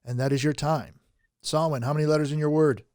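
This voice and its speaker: A man's voice: fairly high pitch, fairly even intonation, fairly quick, a little mellow. A man hosting a comedic game show over a phone call, teasing his players and laughing often.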